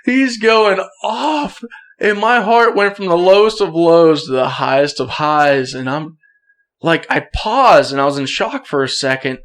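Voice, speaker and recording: Animated man telling a hunting story. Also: fairly high pitch, normal speed. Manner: animated, acts out quotes, laughs often. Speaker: podcast guest. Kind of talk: casual storytelling.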